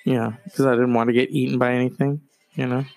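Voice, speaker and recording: This solo podcaster speaks fast in a mid-range, slightly mellow voice with vocal fry and a level tone. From his countryside home he rambles casually, dropping profane and sarcastic remarks.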